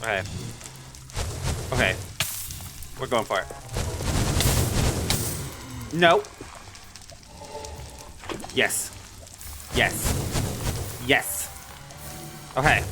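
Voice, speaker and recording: A game creator narrating their own play in an unhurried, drawn-out way, with a voice that leaps up and drops down. They grumble, scold the mobs on screen and let out mild curses. Music plays clearly underneath. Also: mid-range voice, expressive. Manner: exasperated, talks to the game mobs, swears mildly. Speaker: Minecraft let's-play creator. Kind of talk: live gameplay commentary.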